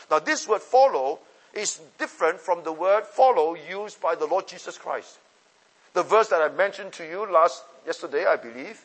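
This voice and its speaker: High-voiced emphatic preacher in a hall. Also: male voice. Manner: emphatic, repeats phrases, swings from loud to soft. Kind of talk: sermon.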